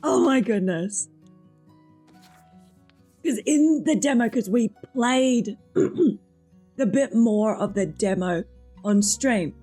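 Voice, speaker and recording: An Australian woman excitedly commentating a game playthrough, gushing and reading lines aloud. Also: a little high, slow pace, pauses often. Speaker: streamer. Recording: faint music in the background.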